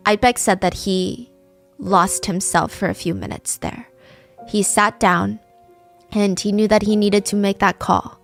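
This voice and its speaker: A woman's voice: medium pitch, fairly even intonation, a little slow, gravelly, soft background music. A woman podcast host narrating a true crime story in a vivid, conversational way.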